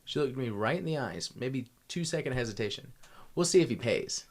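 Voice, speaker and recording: A man's voice: mid-range voice, animated, a little fast. A young man telling a long story as a podcast guest, rambling with many restarts. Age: young adult. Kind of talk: casual storytelling.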